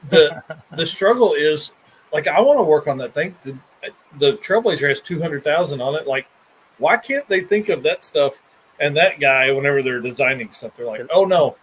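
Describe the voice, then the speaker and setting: Man, podcast host, casual chat, rambling, slightly higher voice, faint background noise. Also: lively intonation, moderate pace, a bit bright, rough recording. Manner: rambling, restarts and "uh" fillers.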